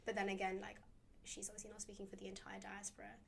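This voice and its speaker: A woman's voice: mid-range voice, monotone, quick pace, gravelly, fairly bright tone, a little hiss or hum. A young woman of the Indian diaspora, a guest talking in a chatty way with many fillers. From British Indian diaspora. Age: young adult. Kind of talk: conversational interview.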